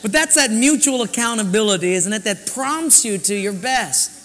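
A man preaches in a large church, his high voice carrying an animated, story-driven delivery. He acts out his own inner thoughts as he goes. The sound rings with the long reverb of a big hall. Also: normal speed. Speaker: pastor. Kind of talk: sermon with personal story.

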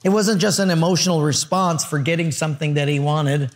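An older male pastor preaching a sermon, telling stories with lively character voices. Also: fairly high pitch, brisk. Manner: storytelling with animated character voices.

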